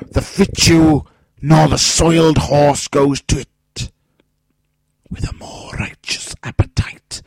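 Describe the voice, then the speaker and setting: A man acting out a mad elderly king, slow and theatrical, swinging between shouts and hoarse whispers with a husky voice. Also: mid-range voice, no room sound, pitched above the performer's own voice, heavily acted. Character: raving mad old king, male, elderly.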